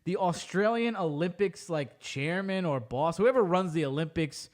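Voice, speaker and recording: A man's voice: high-pitched, lively intonation, normal speed. A man hosting a podcast, ranting sarcastically in disbelief and filling his talk with "like". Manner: incredulous, sarcastic, lots of "like" fillers. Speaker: podcast host. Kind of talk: ranting commentary.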